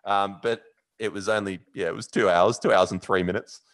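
A man with an Australian accent, a podcast host telling a long story in a rambling, animated way, with many fillers. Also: lowish voice, brisk. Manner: animated, rambling, with fillers and loud yelled bits. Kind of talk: casual storytelling.

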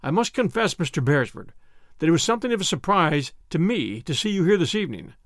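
A man voicing a grave older male lawyer who speaks in a measured, dry way with clipped questions. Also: a little high, sing-song, a bit bright, no echo.

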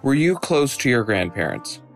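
A young man casually interviewing his grandmother, asking relaxed, prompting questions. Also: mid-range voice, moderate pace, soft background music.

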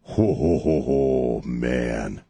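A man's voice: a bass voice, drawn-out words, vocal fry, breathy edge. A middle-aged man hosting a talk radio show, rambling and joking in casual banter from a studio mic. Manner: rambling, jokey, animated, lots of laughs and filler. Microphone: studio microphone.

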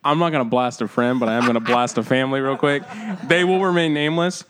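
A man's voice: medium pitch, quick pace, crowd noise. A man, a barber from Florida, telling a rambling story in casual podcast chat with lots of fillers.

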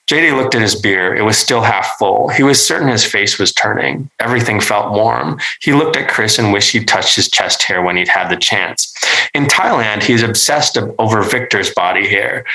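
Man reading fiction, bright voice. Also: on the low side, low-quality recording. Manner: measured, even reading with small self-corrections. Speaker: narrator. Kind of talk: reading a literary story aloud.

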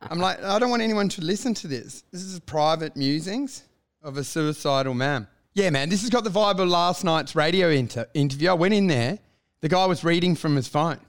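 A man, a comedian co-hosting a podcast, in crude casual banter, swearing constantly and acting out quotes loudly. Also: a little high, fairly quick. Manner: animated, swears constantly, acts out quotes in raised voice.

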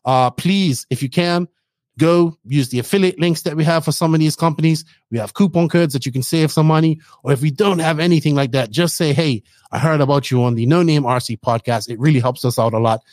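A man hosting a podcast in casual, rambling chat full of fillers and shout-outs. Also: on the high side, a little fast, dry recording. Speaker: podcast host.

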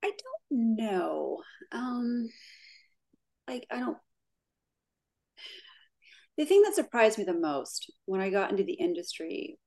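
A woman's voice: mid-range voice, darkish tone. Chatty woman. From Pittsburgh, USA. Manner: chatty, many "like" fillers, laughs easily. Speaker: guest. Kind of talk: casual interview chat.

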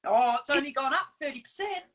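Chatty high-voiced woman. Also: fast, low-quality recording. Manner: chatty, animated, with frequent fillers and laughs. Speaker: co-host. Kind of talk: casual live-stream chat.

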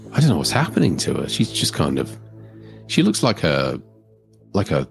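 A man's voice: deep voice, huge pitch swings, slow pace, vocal fry, over music. A man co-hosting a movie watchalong, chatting casually and laughing often. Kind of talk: casual chat over a film.

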